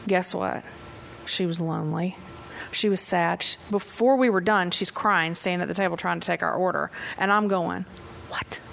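A woman's voice: lowish voice, normal speed, gravelly, a bit bright, slight background noise. A middle-aged woman giving a sermon in a conversational storytelling way, acting out her own reactions. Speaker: women's ministry leader preaching.

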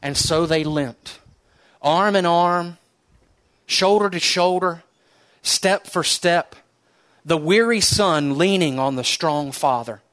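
A pastor delivering a sermon in a slightly high man's voice. He tells his story earnestly, then sinks into soft, hushed phrases to drive a point home. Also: slow pace. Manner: earnest storytelling preacher, dropping to soft, hushed tones for emphasis.

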